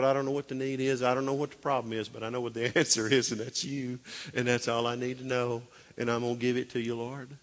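A middle-aged man preaching a sermon, swinging from loud, urgent exhortation to hushed, intimate storytelling. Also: mid-range voice, in a large hall. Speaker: pastor.

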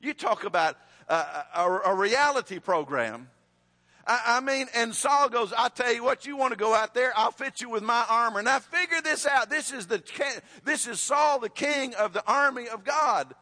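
A man's voice: extremely high pitch, animated, normal speed, sharp tone, in a large hall. A male preacher, telling a Bible story in a conversational sermon with frequent restarts.

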